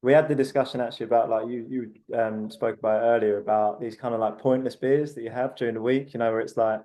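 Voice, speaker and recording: Mellow-voiced man rambling candidly. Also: mid-range voice, fairly even intonation, quick pace. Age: 30s. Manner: rambling, heavy use of "like" fillers. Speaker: podcast guest. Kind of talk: candid casual conversation.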